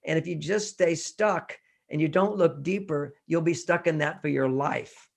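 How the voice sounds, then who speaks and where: Interviewed as a guest author, a man in his sixties from Texas speaks emphatically and gives voice to the people he quotes. His pitch sits on the high side, with vocal fry and a moderate pace.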